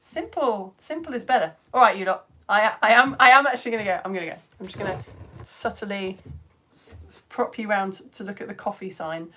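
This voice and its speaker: A woman in her thirties hosting a live children's science stream, chatting bubbly and animated as she reads out viewer comments. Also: mid-range voice, brisk, slight background noise.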